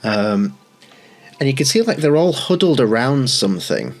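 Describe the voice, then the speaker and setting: Low-voiced British woman game master. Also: big pitch swings, a little mellow, soft background music. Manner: descriptive, unhurried storytelling. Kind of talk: narrating a tabletop game.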